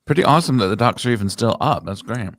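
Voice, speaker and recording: Man, co-host, gravelly, easygoing, dry jokes, halting delivery, dry close sound. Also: medium pitch, animated, a bit bright, no room sound. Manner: easygoing, dry joking, hesitant with many "uh"s. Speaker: co-host of a live hardware build stream. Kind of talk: casual chat.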